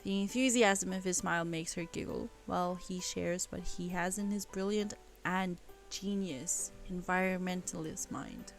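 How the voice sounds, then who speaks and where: A woman's voice: lowish voice, fairly even intonation, normal speed, creaky, hardly any pauses, soft background music. A young woman casually reading her own story aloud on a live stream, often laughing and stopping to comment on it.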